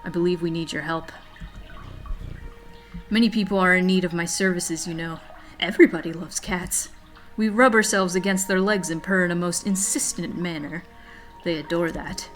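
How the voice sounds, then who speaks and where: Pompous game cat guide, ornate diction, lowish voice; woman streamer reads him. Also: steady tone, moderate pace, faint music behind, lightly acted. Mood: pompous, courtly. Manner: ornate, formal, flowery speech. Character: pompous, courteous talking cat guide, male.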